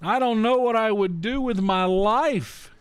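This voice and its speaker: A man's voice: high voice, unhurried, clean tone, no room sound. A man hosting a gaming livestream, greeting and teasing his chat in a playful way and drawing words out in a singsong. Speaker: livestream host. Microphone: desk microphone.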